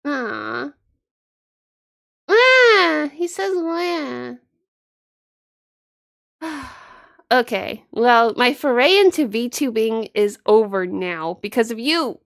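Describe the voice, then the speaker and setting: A woman chatting casually on a late-night game stream, playful and given to giggling and self-mockery. Her voice sits a little high, and she talks at a slow, unhurried pace. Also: big pitch swings, vocal fry, a bit bright. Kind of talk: casual livestream chat.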